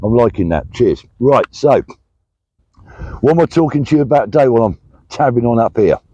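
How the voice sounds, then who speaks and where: An older British army veteran chatting casually on his vlog while out walking, reading out supporters' names with plenty of pauses and restarts. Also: medium pitch, lively intonation, dark tone, slightly rough, dry recording, dull audio. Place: walking outdoors, pulled over at the roadside.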